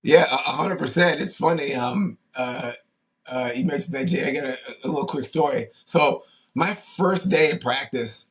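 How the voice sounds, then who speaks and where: A man in his fifties, a former pro football player, telling animated anecdotes in a casual interview, with many fillers and restarts. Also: medium pitch, normal speed.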